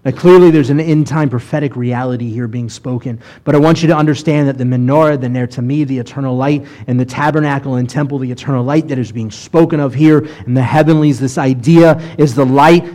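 A rabbi preaching a sermon with passion, reading scripture aloud, dropping to a hush and then rising loud. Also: male voice, mid-range voice, steady tone, a little fast, hardly any pauses. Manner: impassioned preaching, swings from hushed to loud; reads scripture aloud with Hebrew terms.

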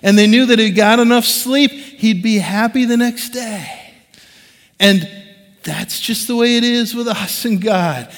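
High-voiced preacher in a reverberant hall. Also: male voice, measured pace. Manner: conversational and animated, acts out quoted voices. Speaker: pastor. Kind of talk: sermon.

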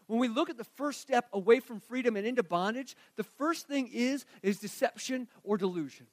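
A man with a strikingly high voice delivers a sermon, moving between hushed scripture reading and emphatic, rising appeals. The sound is close and dry, with no room around it. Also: brisk, few pauses, dry recording. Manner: earnest preaching, swings from quiet reading to emphatic rising delivery. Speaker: pastor.

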